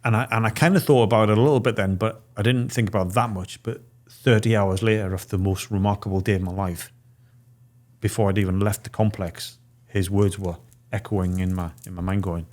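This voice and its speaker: A middle-aged man telling a story in a relaxed podcast chat, acting out the voices of the people in it. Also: fairly low pitch, a little fast. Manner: vivid storyteller, acting out quoted dialogue. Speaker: podcast guest.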